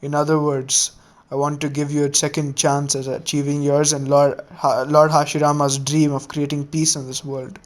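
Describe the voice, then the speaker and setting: A man voicing a calm, confident young male village leader with an earnest, lecturing manner. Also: a little high, moderate pace, lightly acted. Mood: firm.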